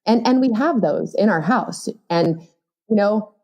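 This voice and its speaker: A woman in her thirties, a writer and mother, speaking as a podcast guest, earnest and animated with frequent fillers. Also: mid-range voice, unhurried, highs cut off. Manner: earnest, animated, lots of "like" and "you know". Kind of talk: casual conversational interview.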